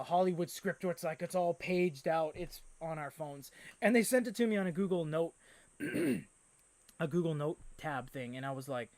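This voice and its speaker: A man hosting a live stream, chatting casually and reading out viewer comments with excitable energy. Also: high-pitched, no echo. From Canada. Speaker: livestream host.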